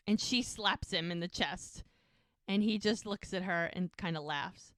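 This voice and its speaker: A woman hosting a podcast, retelling scenes in a casual, animated way, acting out the characters' lines and laughing often. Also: medium pitch, a little slow, long pauses, no room sound, clean studio sound. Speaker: podcast host. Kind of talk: casual episode recap.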